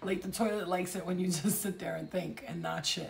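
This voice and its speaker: A woman's voice: lowish voice, fairly even intonation, fairly quick, creaky, hardly any pauses, a little hiss or hum. A woman giving a rambling, casual intuitive reading, chatty and blunt with crude jokes. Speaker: psychic tarot reader.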